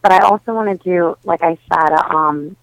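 A woman's voice: on the low side, moderate pace, gravelly, dry recording, low-quality recording. A young woman with a Wisconsin accent, chatting loosely and frankly as a podcast guest, giggling often and filling her talk with "like". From Wisconsin, USA. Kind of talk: casual chat.

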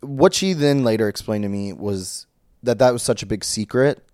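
A man's voice: lowish voice, normal speed, a little mellow, no room sound. Man from Minnesota, candid podcast guest, rambling and laughing, dry sound. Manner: candid, laughing, loose storytelling with fillers. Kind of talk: casual podcast chat.

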